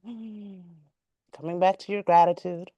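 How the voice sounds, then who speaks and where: A woman teaching a yoga class, giving calm, measured cues timed to the breath and stretching out repeated words. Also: lowish voice, no echo, lo-fi sound. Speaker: yoga instructor.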